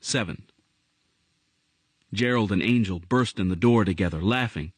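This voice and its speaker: A man reading a novel aloud as audiobook narrator, in an expressive storytelling manner. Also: lowish voice, a little slow, breathy edge, dry recording. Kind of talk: scripted narration.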